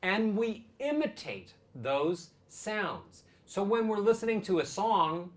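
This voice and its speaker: A man's voice: high voice, big pitch swings, slow pace. A male vocal coach leading a singing lesson, encouraging and demonstrating vibrato on sung syllables.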